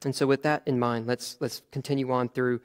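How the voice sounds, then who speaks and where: A man's voice: medium pitch, level tone, a little fast, clear, resonant tone. A man preaching a sermon in a conversational way, often restarting his phrases and adding fillers.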